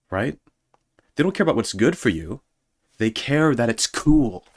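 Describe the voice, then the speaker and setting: A man's voice: medium pitch, lively intonation, unhurried, long pauses. A man streaming as a VTuber, rambling sarcastically in a casual monologue and mocking people in put-on voices.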